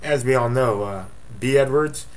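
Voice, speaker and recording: Over webcam, a fantasy football league commissioner talks through a casual update at a moderate pace. His voice is medium in pitch, and his delivery is loose and rambling, peppered with jokey asides.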